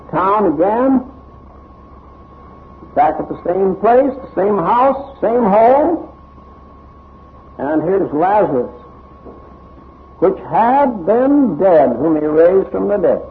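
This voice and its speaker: A male preacher delivers a sermon at a slow, deliberate pace, reading scripture with dramatic emphasis. His fairly high voice rises and falls widely. The recording is thin and tinny, like a phone line. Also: a little hiss or hum. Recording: tinny narrow-band recording.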